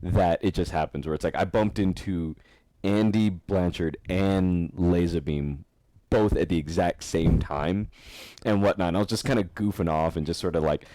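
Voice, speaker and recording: A man hosting a podcast, chatting casually and telling animated stories with frequent laughs and fillers. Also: deep voice, moderate pace, dry recording. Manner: animated storyteller, laughs often, many fillers. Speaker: podcast host. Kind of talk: casual chat.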